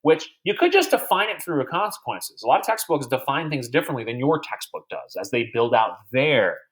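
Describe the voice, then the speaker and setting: A man's voice: medium pitch, fairly bright tone. A man teaching a recorded math lecture over slides, chatty and digressive, quizzing imaginary students as if they were in class.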